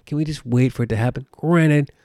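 A man's voice: on the high side, brisk, a little mellow, no room sound, studio quality. A man in his thirties from the United States hosting a podcast, ranting casually in a profane, rambling, exasperated way. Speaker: podcast host.

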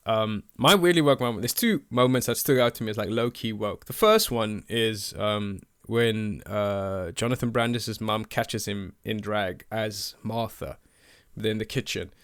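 A man's voice: on the low side, a little slow, clean tone, dry recording, studio quality. A man with a South African accent co-hosting a casual film podcast, swearing freely and laughing often. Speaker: podcast co-host. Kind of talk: casual film-review chat.

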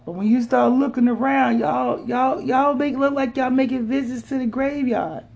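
A woman's voice: high voice, fairly even intonation, normal speed, creaky, darkish tone. A woman hosting a casual solo podcast, talking in slang, teasing her listeners and laughing often. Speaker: podcast host.

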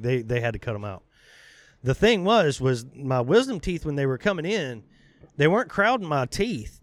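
A man in his thirties telling a profane, animated story in casual podcast chat. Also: a little high, dry recording. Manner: profane, animated, acts out quoted voices.

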